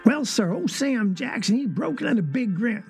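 This dramatic monologue is voiced as a rural Southern child recounting an old family tale, stretching out phrases with folksy asides and sounding earnest and full of wonder. The accent is thick and the medium-pitched voice is darkish, gravelly and creaky, with a sing-song lilt at a moderate pace. Faint music sits in the background.

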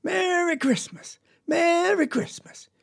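A woman with a Southern US accent voicing a hearty farmer father who talks in a booming, cheerful way. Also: very animated, moderate pace, creaky, warm tone, husky, heavily acted. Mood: hollering.

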